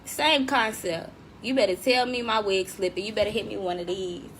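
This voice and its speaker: Lively young woman hosting a livestream. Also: medium pitch, normal speed, a little hiss or hum. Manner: lively, slangy, laughs often, addresses viewers directly. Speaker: host. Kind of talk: casual livestream chat reading comments. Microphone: desk mic.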